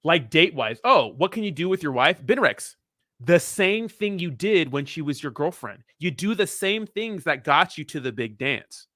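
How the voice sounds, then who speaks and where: A man's voice: on the high side, lively intonation, moderate pace, sharp tone, no room sound, clean studio sound. Blunt, profane young man on a livestream. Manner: blunt, profane, rambling with filler words. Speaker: crypto livestream host. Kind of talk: casual livestream chat reading viewer comments.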